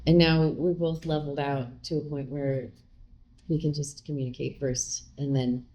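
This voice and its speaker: A woman's voice: deep voice, moderate pace, lo-fi sound. A woman guest speaking casually and candidly in an interview, often acting out the lines other people said. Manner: candid, animated, acts out quoted lines.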